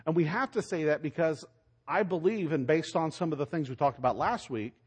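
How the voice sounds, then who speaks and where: Male pastor, sermon, emphatic, rhetorical questions, loud and soft swings, slightly high voice. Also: fairly quick, breathy edge.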